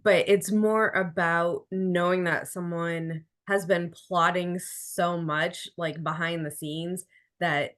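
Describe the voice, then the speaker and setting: Woman on a podcast, lowish voice, calmly reasons it out. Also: slow pace. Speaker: podcast co-host. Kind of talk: casual discussion.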